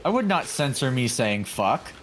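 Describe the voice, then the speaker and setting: A man's voice: mid-range voice, very animated, normal speed, noisy background. A man chatting late at night while gaming with friends, playful, joking and giggly.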